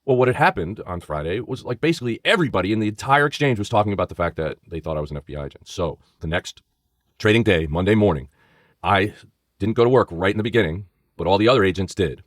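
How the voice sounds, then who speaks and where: Deep-voiced man telling a story. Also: lively intonation, fast talker, dry recording, studio quality. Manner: vivid storyteller who acts out voices. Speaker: podcast co-host, former FBI agent. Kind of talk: storytelling in conversation. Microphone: studio microphone.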